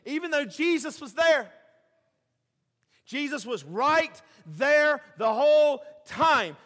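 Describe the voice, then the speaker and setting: High-voiced impassioned male preacher. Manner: impassioned, swings from loud emphasis to soft low asides. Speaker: pastor. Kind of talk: sermon. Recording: hall reverb.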